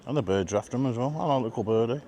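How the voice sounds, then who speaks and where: Speaking very fast in a mellow, mid-range voice, this British vlog host chats and jokes outdoors at a marina. He eats and reviews the meal in a casual food vlog.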